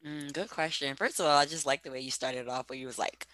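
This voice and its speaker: Casual female podcast guest, bright, dry and close, slangy and laughing. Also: lowish voice, fairly quick, hardly any pauses, no echo. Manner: chatty and laughing, loose slangy phrasing.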